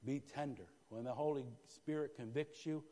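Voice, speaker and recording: A male pastor preaching a sermon with fervor, dropping to a hush and then rising to shouts, and calling out "Amen?" to his congregation. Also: mid-range voice, moderate pace, big-room sound. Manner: fervent, swinging from hushed to shouting. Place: church sanctuary.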